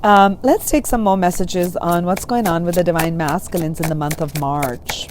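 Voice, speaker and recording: A woman giving a gentle spiritual tarot reading, soothing and reassuring, often checking in with the listener. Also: fairly low pitch, normal speed, noisy background. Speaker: tarot reader.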